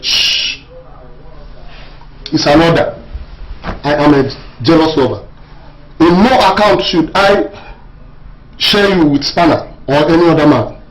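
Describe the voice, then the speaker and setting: A man's voice: fairly high pitch, expressive, slow, pauses often, poor audio. An actor playing a jealous, scheming male lover who gives orders and will not share his woman. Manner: domineering, commanding. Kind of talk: Nollywood film acting.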